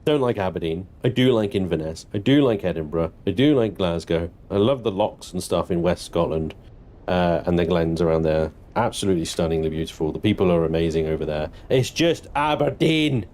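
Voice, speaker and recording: Mellow and a little fast, a young British streamer chats casually with his audience during a gaming session. He keeps laughing, swears liberally, and breaks into high, mock-indignant squeals.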